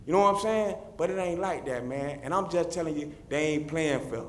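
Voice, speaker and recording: A man's voice: fairly high pitch, fairly quick, a little hiss or hum. A man giving a fervent, repetitive public comment that speaks straight to the officials. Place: city meeting chamber. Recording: roomy echoey chamber.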